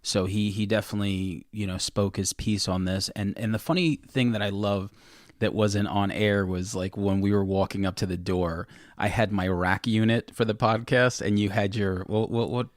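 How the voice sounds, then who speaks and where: A man's voice: fairly low pitch, steady tone, moderate pace, few pauses, dry recording, studio quality. A man co-hosting a podcast, telling an anecdote with enthusiastic, laughing delivery. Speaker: podcast co-host. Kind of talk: casual podcast chat. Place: closed bar.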